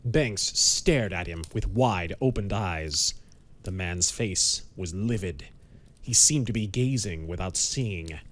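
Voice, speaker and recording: A man giving measured, dramatic narration of a pulp audiobook. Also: low voice, lively intonation, fairly bright tone.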